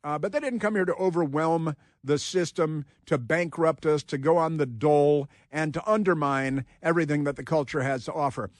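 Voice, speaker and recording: A man's voice: on the high side, normal speed, hardly any pauses, dry recording, studio quality. A man hosting a political talk radio show, emphatic and rambling, laughing often. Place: radio studio. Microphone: studio microphone.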